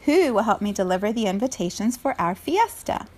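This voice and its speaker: A woman's voice: medium pitch, very animated, fairly quick, darkish tone. A woman doing a bossy, fed-up iguana. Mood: determined. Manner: insistent, exasperated. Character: bossy, hardworking female iguana.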